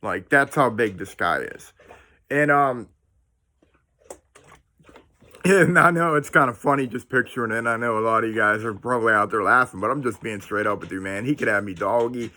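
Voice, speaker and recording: Guy telling a story at home, middle pitch, rambly and worked up, lots of restarts and "dude". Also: normal speed. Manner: excited and rambling, with restarts and slang like dude and man. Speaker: paranormal storyteller, channel host. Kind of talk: casual first-person storytelling to camera. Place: indoors at home.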